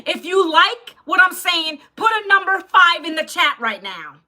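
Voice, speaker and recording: Loud, blunt woman in her 50s. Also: very high-pitched, very animated, measured pace. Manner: loud and blunt, close to yelling; scolds chat viewers directly. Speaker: livestream host selling an online program. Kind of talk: live-stream sales talk to chat.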